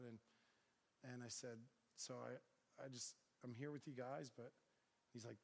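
Animated man preaching in an echoing hall. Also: mid-range voice, unhurried, gravelly, long pauses. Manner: animated storyteller acting out dialogue. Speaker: pastor. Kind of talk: storytelling sermon.

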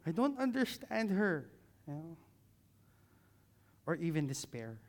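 A man preaching a sermon, engaging the listeners with many questions and growing more animated as he explains. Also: a little high, a little slow. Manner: grows louder and more animated when explaining.

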